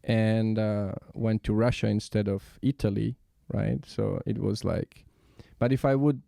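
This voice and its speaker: This is a man with a gravelly, mellow voice, speaking English as a second language. He talks in an animated, chatty way about his years as a dancer. The sound is close and dry, with no room echo. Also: fairly low pitch, measured pace. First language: not English. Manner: animated, chatty, repeats "yeah, yeah, yeah". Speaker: ballroom dancer. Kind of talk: casual podcast conversation.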